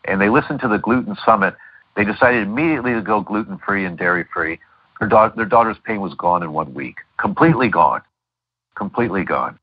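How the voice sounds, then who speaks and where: A man's voice: fairly low pitch, fast talker, muffled recording. A middle-aged man speaking as a guest doctor in an interview, telling stories with many fillers and restarts. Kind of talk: interview over a call.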